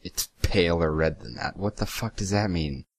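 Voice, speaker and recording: A young man with a very low voice gives sarcastic commentary on a reaction video, swearing casually and stumbling as he reads lines aloud. He talks at a normal speed, and the recording is dry and close, with no room sound.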